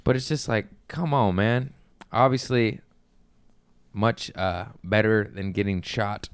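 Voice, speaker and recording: A man's voice: on the low side, slow, clean tone, no room sound. A man hosting a podcast, telling rambling stories in a loose, casual way with many restarts. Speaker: podcast host. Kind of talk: casual chat.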